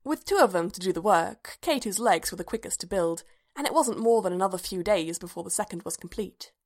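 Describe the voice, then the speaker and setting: A woman narrating a story aloud in a measured, even-paced reading. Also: medium pitch. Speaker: reader.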